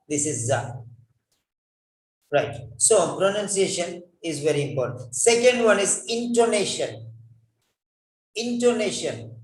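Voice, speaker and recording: A man with a high-pitched voice gives a spoken English lesson on pronunciation, spelling words letter by letter and carefully repeating them. He sounds far from the mic, off-mic in an echoey room.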